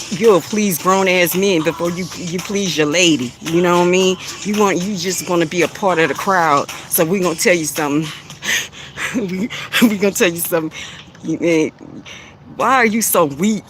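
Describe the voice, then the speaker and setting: Laughing, taunting man, high voice. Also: normal speed, a bit bright, faint music behind. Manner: blunt, taunting, laughs often, repeats phrases. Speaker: live stream host giving spiritual readings. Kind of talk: casual live-stream talk addressing commenters.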